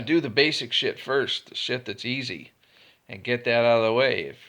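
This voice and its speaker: A man's voice: medium pitch, lively intonation, unhurried, gravelly, sharp tone. A man telling a story in a casual, blunt and profane way, with laughs between lines. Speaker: storyteller vlogger.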